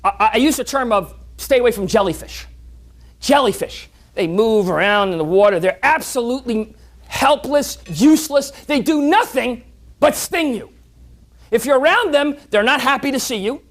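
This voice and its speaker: A speaker giving a motivational talk at a club meeting, animated, telling stories and often repeating words on restarts. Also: medium pitch, normal speed.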